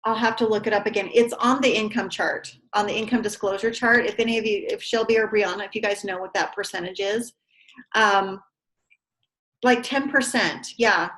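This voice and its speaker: Woman running a team call, encouraging, lots of questions, mid pitch. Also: fairly even intonation, fairly bright tone, poor audio. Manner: encouraging, asks questions, quick asides. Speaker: team leader hosting a training call. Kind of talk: interviewing, coaching.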